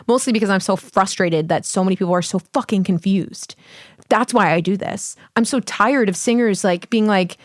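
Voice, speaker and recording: A woman's voice: medium pitch, brisk, no echo, clean studio sound. A woman vocal coach explaining singing exercises in a casual, blunt, profane way, chatty and emphatic. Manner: emphatic, chatty with many fillers.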